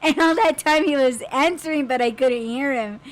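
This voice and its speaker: High-voiced female podcast host; lively, laughing storyteller who acts out her own yelling. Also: moderate pace, slight background noise. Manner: animated, laughing, acts out screaming quotes. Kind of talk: casual storytelling chat.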